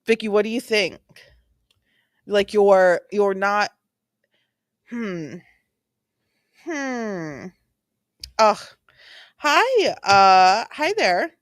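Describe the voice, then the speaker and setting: Her voice is medium in pitch with lively intonation, but she speaks extremely slowly and pauses often. The sound is clean studio quality with no echo. She's a true-crime livestream host giving chatty, rambling commentary, heavy on "like," while watching a clip.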